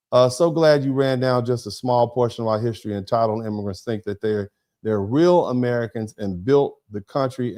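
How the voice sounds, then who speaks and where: Male livestream host, middle pitch, folksy and emphatic, rambles and repeats himself while reading out viewer chat. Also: a little mellow. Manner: folksy, calls listeners baby and bro. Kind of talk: livestream chat, thanking donors.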